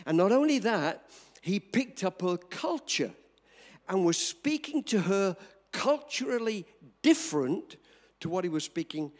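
An older man preaching a storytelling sermon to a live audience, animated and emphatic, speaking directly to the crowd. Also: high voice, a little slow.

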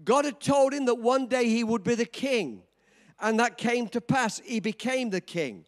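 An older man in his seventies preaching a sermon, telling a story with dramatic swings from quiet to shouting. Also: very high-pitched, lively intonation, normal speed. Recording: long reverb of a large hall.

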